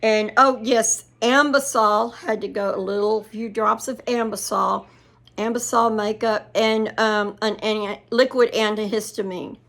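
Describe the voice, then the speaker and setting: A woman's voice: medium pitch, steady tone, unhurried, creaky, fairly bright tone. An older woman, chatting casually to her viewers and rambling through family stories. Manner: rambling storytelling with laughs. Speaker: vlogger.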